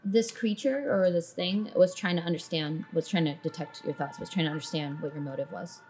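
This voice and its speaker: Lower-voiced woman narrating as dungeon master. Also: brisk, darkish tone, soft background music. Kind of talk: narrating a tabletop game.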